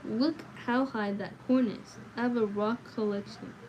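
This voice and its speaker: A woman reading a storybook aloud, voicing an excitable young boy who chatters and exclaims. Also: fairly high pitch, a little slow, dull audio, a little hiss or hum, close to an everyday voice. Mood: chattering.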